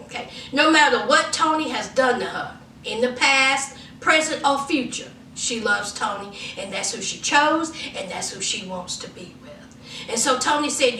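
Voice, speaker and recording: A woman recapping a reality show in sassy, animated casual commentary, acting out what the cast said. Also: a little high, normal speed, slight background noise. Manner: sassy, animated, acts out quotes. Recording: echoey room, from far off.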